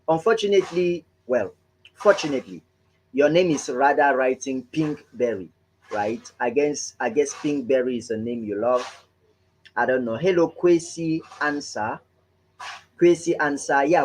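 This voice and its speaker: A man's voice: mid-range voice, slight background noise, rough recording. A man hosting a live online business training, welcoming viewers one by one in an upbeat, chatty way and often tagging on "right?".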